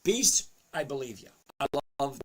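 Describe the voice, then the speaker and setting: A man's voice: mid-range voice, sing-song, a little slow, fairly bright tone. A man hosting a casual livestream, chatty, reading out viewers' names and questions and muttering to himself as he looks over charts. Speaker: livestream host answering chat.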